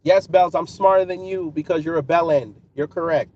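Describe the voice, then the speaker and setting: A man from New York City hosts a livestream and answers chat, roasting casually in a taunting, mocking, calmly menacing way. His voice is fairly high-pitched at a normal speed. It's picked up by a distant, dull lo-fi mic with clear background noise.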